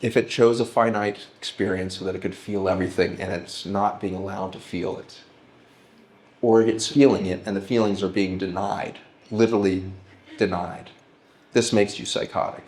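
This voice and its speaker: A middle-aged man speaking to a live audience at a festival, telling stories and slowing down to act out heartfelt pleas. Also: low voice, fairly even intonation, darkish tone. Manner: storytelling, slows and lifts his voice to act out pleas.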